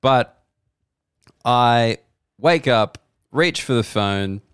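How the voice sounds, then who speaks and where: A man's voice: medium pitch, expressive, drawn-out words, a bit bright, smooth, no room sound, clean studio sound. A man in his thirties with an Australian accent, a comedian doing a rambling, wry, self-deprecating solo podcast monologue.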